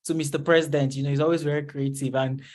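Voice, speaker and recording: A man's voice: a little high, level tone, fast talker, darkish tone. A man hosting an online event as emcee, talking with lots of fillers. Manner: chatty, filler-heavy.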